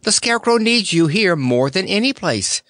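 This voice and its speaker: A man voicing young Dorothy, a kind and earnest girl, in a raised gentle voice. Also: high-pitched, big pitch swings, normal speed, dry recording, studio quality, voice pushed up.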